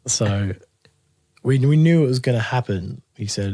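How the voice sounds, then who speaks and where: A man's voice: mid-range voice, a little slow, no echo. A man, a guest musician, telling a story in a casual interview, laughing often and acting out what people said. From Australia. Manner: animated, laughing storyteller who acts out quotes.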